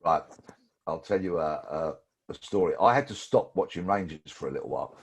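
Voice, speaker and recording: Husky, low-voiced man in his sixties. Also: a little fast. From London. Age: 60s. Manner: lively anecdotal storytelling. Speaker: guest, former police detective. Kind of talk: storytelling interview.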